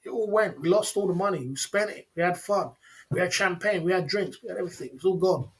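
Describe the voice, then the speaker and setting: A man's voice: sits high, quick pace. A man chatting casually on a livestream, laughing often and repeating himself in slangy banter to his viewers. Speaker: livestream host.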